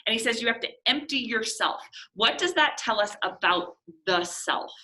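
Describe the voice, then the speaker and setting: A woman teacher leading a literature class discussion, thinking aloud, reading passages slowly and putting questions to her students. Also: a little high, lively intonation, bright, forceful tone, poor audio. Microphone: classroom recording.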